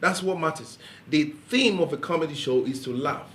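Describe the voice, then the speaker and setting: Bright-voiced comedian plugging shows. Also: male voice, on the high side, normal speed, roomy sound, slight background noise. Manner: energetic, jokey, laughs often. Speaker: comedian and show promoter, guest. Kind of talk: lively promotional chat.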